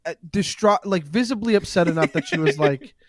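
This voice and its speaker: A man with a slightly high voice tells long, self-mocking comic stories in a loose podcast chat. The sound is close and dry, with no room around it. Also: animated, a little fast, no room sound. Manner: rambling, self-mocking storytelling. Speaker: comedian guest.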